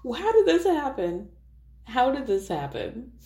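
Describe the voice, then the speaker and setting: A woman's voice: sits high, sing-song, measured pace, dark tone, voice pushed up, heavily acted. A woman imitating a distraught reality star. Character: tearful upset young woman, reality star. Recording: roomy echo.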